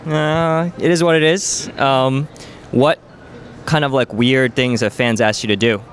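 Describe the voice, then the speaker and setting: At a busy gaming event, a man interviews a player in a chatty, playful way, full of "um" and "like." His mid-range voice is steady and measured, with a little hiss or hum on the recording.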